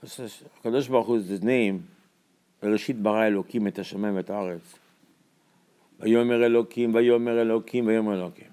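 A man giving a Torah sermon as a rabbi, preaching emphatically with repeated rhetorical questions and swinging from low, quiet explanation to loud, high scolding. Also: fairly even intonation, brisk, clear, resonant tone.

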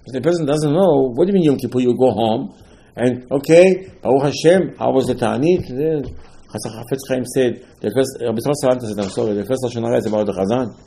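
A man with giving an informal Torah lecture, rising to emphatic questions and dropping low again. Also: fast, dark tone, rough recording. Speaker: rabbi giving a talk.

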